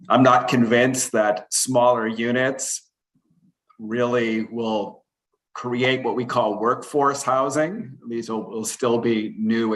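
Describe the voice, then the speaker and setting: A man's voice: medium pitch, a bit bright. A man commissioner giving comments at a public meeting, speaking hesitantly with stammered restarts. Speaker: planning commissioner.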